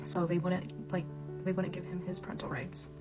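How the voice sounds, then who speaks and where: A woman's voice: lowish voice, level tone, normal speed, music in the background, low-quality recording. A woman, recounting her own story casually and filling her talk with "like.". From Japan and the United States. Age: 20s. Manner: chatty, heavy use of "like" fillers. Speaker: reunion storyteller.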